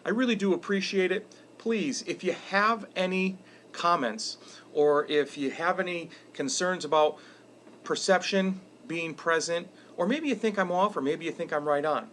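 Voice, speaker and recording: A middle-aged man with a slightly raised pitch talks earnestly to the camera in a reflective weekly message. His delivery is conversational and unhurried. A faint hiss of background noise sits under his voice. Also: fairly bright tone. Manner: earnest, conversational, retells stories with quoted dialogue. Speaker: educator giving weekly video messages.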